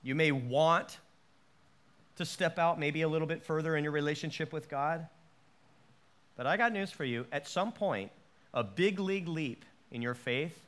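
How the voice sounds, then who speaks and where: High-voiced animated male preacher. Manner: animated preaching with stammered restarts and voiced quotes. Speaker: pastor. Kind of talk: sermon.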